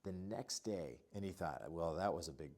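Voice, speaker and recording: A man's voice: sits low, lively intonation, moderate pace, a little mellow. A man who works as a relationship coach, teaching men in an earnest, direct talk to the camera while writing on a board.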